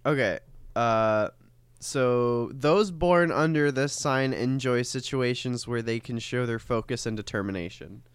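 A woman reading a horoscope aloud in casual chat, in a laid-back, halting way with fillers. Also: extremely low pitch, clean tone, no echo.

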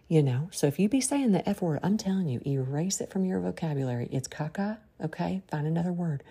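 Low gravelly Southern-drawled woman. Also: lively intonation, quick pace, few pauses, warm tone. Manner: folksy, preachy, exhorting. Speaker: podcast host. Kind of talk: faith-based encouragement talk.

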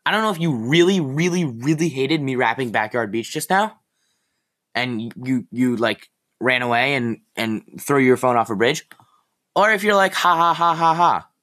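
A teenage boy hosts his own podcast, rambling casually from one rant to the next. His voice sits at an ordinary mid pitch, and his delivery is animated, sarcastic and quick to get exasperated. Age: teen. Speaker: podcast host.

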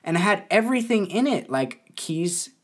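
A young man casually telling a story, animated and often laughing. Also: high-pitched, normal speed.

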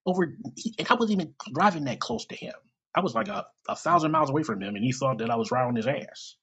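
A man from Kansas City, chatting casually on a podcast and telling a story with lively quoted voices and a husky, gravelly tone. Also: fairly high pitch, fast talker. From Kansas City, United States. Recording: dull lo-fi recording.

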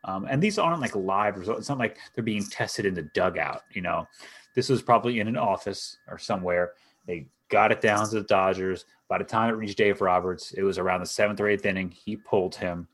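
A man with a low voice co-hosting a casual sports podcast. He talks in a laid-back, hesitant way, with lots of "um"s and an occasional curse. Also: fairly quick, fairly bright tone. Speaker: podcast co-host.

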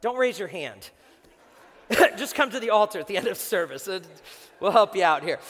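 A man preaching a sermon to a congregation, swinging from shouting to hushed tones and acting out the lines he quotes. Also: sits high, lively intonation, moderate pace, long pauses. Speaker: pastor. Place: church sanctuary before a congregation. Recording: echoey hall reverb.

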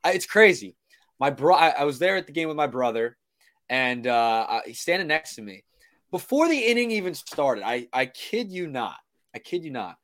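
A young man co-hosting a sports podcast, talking casually and excitably, often restarting his sentences. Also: fairly high pitch, normal speed. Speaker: podcast co-host.

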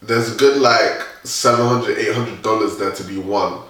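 A young man, co-hosting a podcast and telling a rambling, animated story with lots of laughter and restarts. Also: fairly low pitch, moderate pace, recorded from a distance. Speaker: podcast co-host. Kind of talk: casual storytelling chat. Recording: echoey room, voice a bit off-mic.

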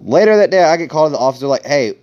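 Racing through his stories, this young Ohio man hosts a podcast in a casual monologue full of crude, profane sarcasm. His voice is fairly high, animated, and a little mellow, and the recording sounds dull and lo-fi.

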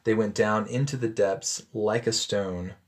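A man reading a Bible passage aloud and stopping to explain it in a relaxed, conversational way, with frequent ums and self-corrections. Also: fairly low pitch, unhurried. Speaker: Bible teacher. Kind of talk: scripture reading with commentary.

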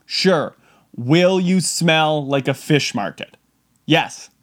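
A man in a casual comedic monologue, his voice sitting a little high as he rambles at an unhurried pace. He laughs often and slips into mock-outraged asides. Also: expressive.

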